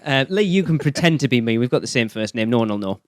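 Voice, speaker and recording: A man's voice: mid-range voice, animated, quick pace, no room sound, studio quality. A man from northern England co-hosting a podcast, joking and chatting casually. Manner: chatty, jokey, self-deprecating. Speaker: podcast co-host. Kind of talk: casual chat.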